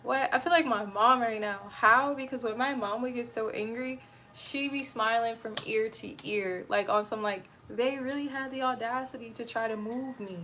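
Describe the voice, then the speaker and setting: A woman's voice: fairly high pitch, moderate pace, sharp tone, a little hiss or hum. A young woman livestreaming and chatting casually with her viewers, blunt and irritable and rambling from one thought to the next.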